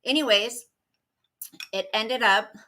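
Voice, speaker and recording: Middle-aged woman rambling on her livestream, chatty, says hi to viewers mid-story, bright voice. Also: a little high, slow, slight background noise. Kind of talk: casual livestream chat.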